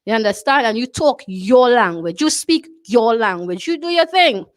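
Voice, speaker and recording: A woman's voice: a little high, lively intonation, normal speed. A Trinidadian woman hosting a talk show, speaking emphatically, repeating her phrases and often asking "you understand?". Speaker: show host.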